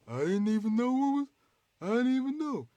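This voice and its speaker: A man voicing a flustered, whiny superhero in a high, strained, exasperated voice. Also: very animated, a little fast, mellow, dry recording.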